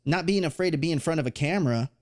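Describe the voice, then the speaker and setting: Male podcast host, slightly high voice, friendly, rambling questions. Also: racing, a little mellow. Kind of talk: casual interview.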